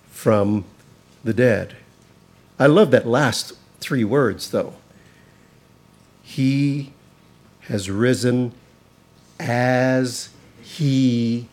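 A male pastor delivering a sermon at an unhurried, measured pace. His voice sits at a middle pitch and lifts with emphasis when he reads scripture. He lingers on single words to drive each point home. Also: darkish tone, husky. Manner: slow, deliberate preaching with emphatic rises on scripture quotes.

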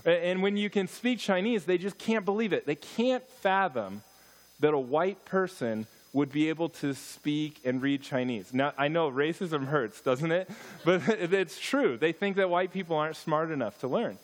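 A man's voice: a little high, moderate pace. Joking man telling church stories. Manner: storytelling, joking, animated asides. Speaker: missionary speaker. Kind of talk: church talk with humorous stories.

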